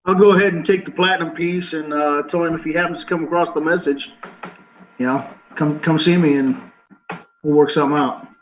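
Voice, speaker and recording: A man player in a tabletop game, speaking in character in a calm, matter-of-fact way. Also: on the high side, fairly quick, a little hiss or hum. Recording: distant dull lo-fi mic.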